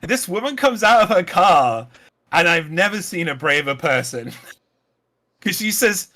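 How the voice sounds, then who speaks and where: Painting miniatures on a casual stream, this man talks in a high-pitched, unhurried voice. He tells stories with animation, laughing often and cursing without restraint.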